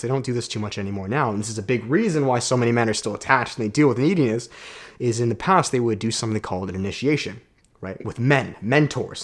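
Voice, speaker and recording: A young man delivers a self-help monologue with an emphatic, coaching drive. He talks casually, swears now and then, and keeps checking in with "right?". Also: medium pitch. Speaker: self-development YouTuber. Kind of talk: motivational monologue.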